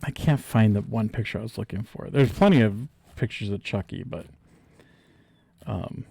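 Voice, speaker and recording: A man's voice: on the low side, normal speed, creaky, mellow, breathy edge. A man chatting casually, telling a story with many fillers and restarts. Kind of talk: casual chat.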